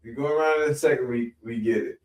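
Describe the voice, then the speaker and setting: A middle-aged man telling a story in a rambling, animated way, often repeating himself as a podcast guest. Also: mid-range voice, fast. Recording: echoey room, mic at a distance.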